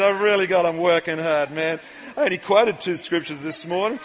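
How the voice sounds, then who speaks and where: A man preaching a lively church sermon, animated and jokey, calling out to the congregation. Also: a little high, normal speed, a little hiss or hum. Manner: animated, jokey, shouts out to the crowd. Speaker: pastor. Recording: live sermon in a reverberant church hall.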